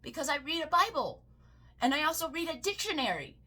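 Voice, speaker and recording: A woman's voice: high voice, big pitch swings, a little fast, pushed and bright. A Southern woman giving heated, profane political commentary, swinging into mocking shrieks. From American South.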